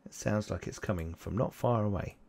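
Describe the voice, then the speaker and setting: A man narrating as game master of a tabletop role-playing game, pausing often with ums. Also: lowish voice, vocal fry, darkish tone. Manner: hesitant, full of ums and restarts.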